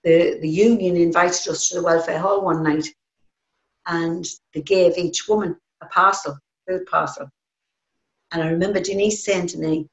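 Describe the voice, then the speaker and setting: An older woman with a North East English accent and a fairly low voice tells her story in a plain, earnest way, often pausing on "um". The recording is roomy and a little dull. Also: fairly even intonation. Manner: plain-spoken, earnest, hesitant with many ums. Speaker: interviewee. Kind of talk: personal recollection.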